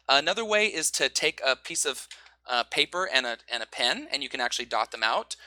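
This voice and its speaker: A man teaching English pronunciation, explaining stress and rhythm and drawing out example phrases slowly. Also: a little high, animated, bright, forceful tone, no room sound.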